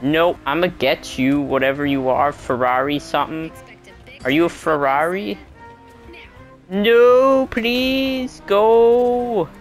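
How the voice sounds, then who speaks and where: A gaming channel host giving live gameplay commentary, talking to themself and the game and exclaiming loudly at every crash. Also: medium pitch, normal speed, soft background music. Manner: excitable, yelps and exclaims at crashes; talks to self and to the game.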